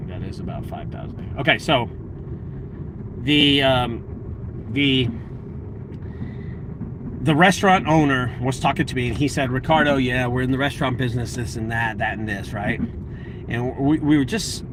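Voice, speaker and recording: Man, small business vlogger, animated storyteller, faint noise. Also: medium pitch, moderate pace, long pauses. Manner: animated storytelling, slangy and excitable. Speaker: junk removal business owner and channel host. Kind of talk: casual live video talk.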